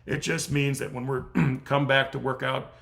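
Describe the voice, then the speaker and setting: A middle-aged strength coach hosts a casual livestream Q&A, blunt and swearing freely, growing more fired up even as his voice gives out. His medium-pitched voice is creaky and fairly bright, with a flat delivery at a moderate pace. The talk is profane and emphatic.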